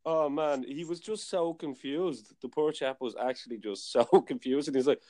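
A man's voice: a little high, moderate pace, darkish tone. A man hosting a podcast, telling a story in a casual, rambling way with lots of fillers. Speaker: podcast host. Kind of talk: casual chat.

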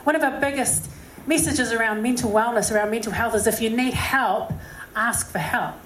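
A woman's voice: fairly high pitch, moderate pace, a bit bright, slight background noise. Chatty New Zealand woman in a roomy hall. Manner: chatty, self-deprecating, with many "you know" fillers. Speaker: singer speaking to an audience. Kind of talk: personal story and encouragement talk. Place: live venue with an audience.

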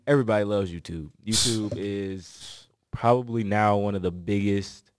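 A young man hosts a casual talk segment in a dry, close-miked space. His voice sits on the low side, and he draws out his introductions with emphasis. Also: normal speed, no room sound. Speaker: host. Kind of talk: casual student show chat.

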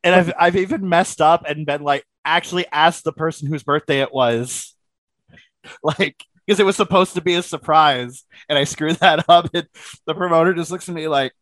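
A man's voice: fairly high pitch, normal speed, no echo. A man, a wrestling ring announcer, telling stories animatedly as a podcast guest, laughing along the way. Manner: animated anecdotes, laughing, many "like" fillers. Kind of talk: casual storytelling interview.

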